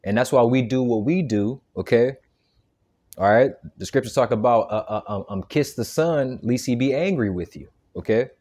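With a mid-range, darkish voice at a moderate pace, this man preaches informally and emphatically. He stammers through restarts and repeated words, adding "man" and "okay" to almost every phrase.

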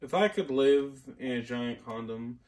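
A man hosting a casual gaming chat with friends, jokey and excitable, often jumping into high-pitched shrieks. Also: measured pace, far from the mic, slight background noise. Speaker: gaming channel host.

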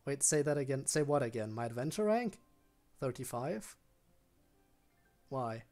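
A man's voice: medium pitch, big pitch swings, a little slow, darkish tone, faint music behind. A young man chatting casually with his viewers while he streams a game. He rambles, often restarts his sentences and answers questions from chat.

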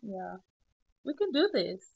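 A woman's voice: mid-range voice, sing-song, slow, creaky, slightly rough, dull audio. A woman vlogging casually, chatty and self-mocking, laughing and tearing up as she talks. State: tearful at times. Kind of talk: casual selfie vlog.

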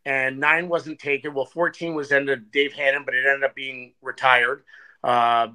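Man, podcast guest, bright forceful voice, relaxed recollection. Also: medium pitch, a little slow, clean tone. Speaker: podcast guest and former hockey player. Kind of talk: casual podcast interview.

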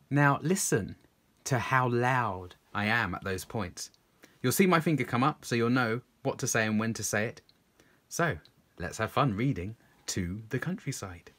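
A man performing poems aloud for children, theatrical, swinging from loud calls to hushed whispers. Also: mid-range voice, sing-song. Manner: slow and deliberate. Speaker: children's poet reading to kids. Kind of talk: performed poetry reading for children.

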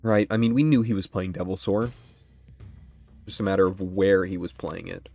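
A young man with a deep, low voice talks through a card game as he plays, thinking aloud and swearing freely when things go wrong. Soft music plays faintly underneath. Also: steady tone, moderate pace, vocal fry, no echo. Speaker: gaming channel host. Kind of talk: live gameplay commentary.

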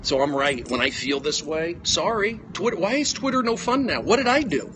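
A man's voice: sing-song, moderate pace, background noise. Agitated ranting man on a phone. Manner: agitated, shouty, jumps between loud bursts and low mutters. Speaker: comedian livestreaming. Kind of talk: rambling livestream rant.

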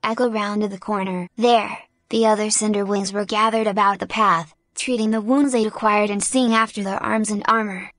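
A woman reading a fan fiction story aloud, narrating with steady storytelling. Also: medium pitch, normal speed, hardly any pauses, no room sound. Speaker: audiobook narrator.

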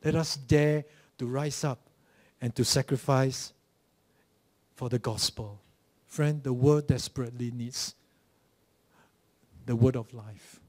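A man's voice: mid-range voice, steady tone, takes it slowly, pauses often, darkish tone. A man with a Malaysian English accent preaching a sermon in church, telling stories and acting out mocking voices before a direct challenge. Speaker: pastor.

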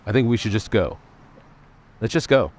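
A man's voice: fairly low pitch, animated, moderate pace, a little mellow. A man chatting casually in a rambling, hesitant way.

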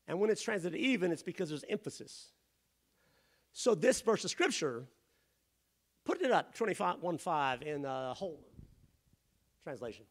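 A man preaching a sermon as pastor in a church, rising to shouted emphasis and dropping to quiet asides. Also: a little high, big pitch swings, moderate pace, long pauses. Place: church sanctuary.

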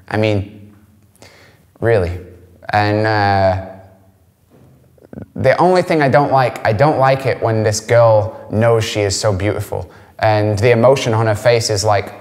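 A man from England answers interview questions with blunt candor, cursing and repeating himself for emphasis. His voice sits in an ordinary middle pitch. The recording carries a long, hall-like reverb. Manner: blunt, swearing, emphatic repetition. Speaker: musician interviewee.

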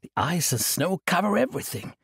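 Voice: mid-range voice, big pitch swings, a little fast, a bit bright, husky, no echo, clean studio sound, voice pushed up, heavily acted. An earnest, pleading companion, as a man puts it on.

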